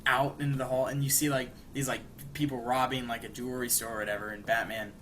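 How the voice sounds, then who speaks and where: A man's voice: mid-range voice, quick pace. A young man chats in a loose, rambling way, recapping a cartoon plot with plenty of fillers. He slips into brief quoted lines for the characters. There is a faint hiss of noise behind him. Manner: rambling, acts out quoted lines with animated bursts. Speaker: podcast co-host. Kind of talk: casual chat, retelling an episode.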